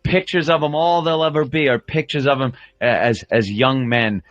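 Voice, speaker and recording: A man's voice: mid-range voice, fairly even intonation, normal speed, a bit bright, no room sound. A man hosting a radio show, telling crude, rambling stories in studio banter. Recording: dull lo-fi broadcast audio.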